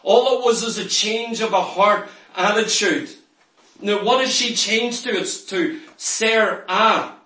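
High, bright-voiced man preaching. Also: slow. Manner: emphatic, storytelling, acts out quoted lines. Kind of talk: sermon. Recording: roomy echo, from far off the mic.

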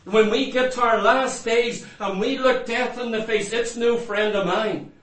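A man preaching with fervor in a very high voice, pressing his congregation with the same questions again and again. He sounds distant from the mic, with the sermon ringing around an echoey church. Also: steady tone, unhurried, fairly bright tone. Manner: fervent, repeats rhetorical questions to the congregation. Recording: echoey room, mic far off.

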